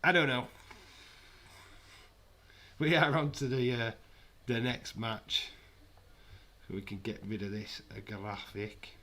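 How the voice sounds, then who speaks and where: A man's voice: medium pitch, steady tone, takes it slowly, long pauses, pushed and bright. A man hosting a live wrestling watch-along, chatting casually with sarcastic, rambling asides.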